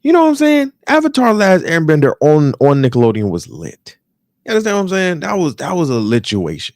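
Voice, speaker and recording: Podcast host: American man, African American English accent, lively swooping pitch, dry close sound, casual profane rant. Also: fairly quick, no room sound. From United States. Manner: animated, profane, repeats phrases for emphasis. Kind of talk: casual ranting commentary.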